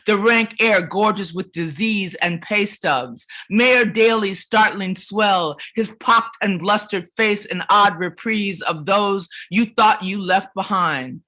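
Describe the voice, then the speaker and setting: A woman poet giving a dramatic, rhythmic reading of her poems at a literary event, swinging between forceful lines and hushed ones. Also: lowish voice. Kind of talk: performed poetry reading.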